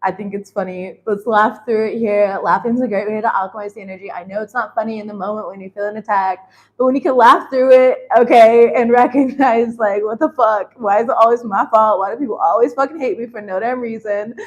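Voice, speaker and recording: A woman's voice: fairly high pitch, steady tone, brisk, darkish tone, muffled recording. A young adult woman giving a casual tarot reading, blunt and laughing often, swearing freely. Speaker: tarot reader.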